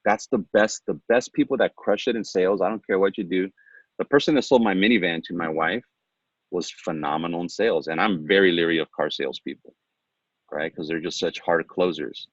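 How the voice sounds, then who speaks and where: A man running a sales training session, coaching in a casual way, asking rhetorical questions and acting out sample pitches. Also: brisk, slightly rough, no echo, highs cut off. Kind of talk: training presentation.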